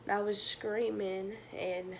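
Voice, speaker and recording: A woman's voice: mid-range voice, little pitch movement, creaky, a little hiss or hum. Tearful young woman telling her story. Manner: emotional, halting, drops to a whisper at times. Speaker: vlogger. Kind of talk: personal storytelling to camera.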